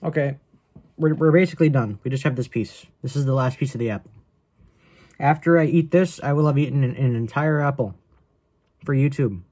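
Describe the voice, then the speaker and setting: A man's voice: medium pitch, fairly quick, long pauses, darkish tone, breathy edge. A young man rambling in a casual vlog, crude and joking, swearing often. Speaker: vlogger.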